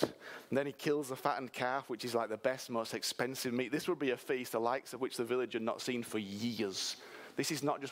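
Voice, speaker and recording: A man preaching a sermon, telling a story lively while directing a volunteer. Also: mid-range voice, normal speed. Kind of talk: sermon with live re-enactment.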